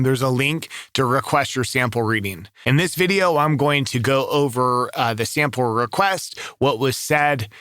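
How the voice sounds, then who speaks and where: A middle-aged voice-over artist from Southern California with a relaxed local accent, chatting casually to camera with many restarts. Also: male voice, medium pitch, no room sound, clean studio sound.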